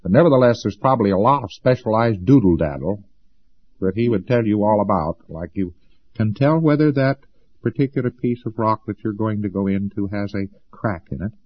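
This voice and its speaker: A man's voice: lowish voice, moderate pace, dull audio. A man giving an informal lecture to students, folksy and sarcastic, hammering points home by repeating them. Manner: folksy and sarcastic, with emphatic repetition.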